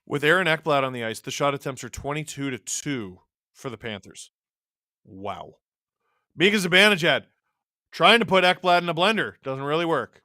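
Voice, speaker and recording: A man hosting a live stream, casually calling a hockey game and chatting, his voice worn a little deeper from long talking. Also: animated, normal speed, sharp tone, no room sound, studio quality. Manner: chatty, reacting to the game and chat as it happens. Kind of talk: casual live play-by-play and chat.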